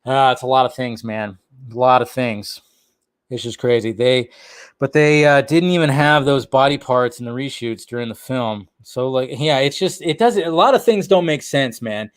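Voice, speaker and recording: A man's voice: medium pitch, moderate pace, clear, resonant tone. A man hosting a casual movie news commentary, blunt, swearing freely and laughing often.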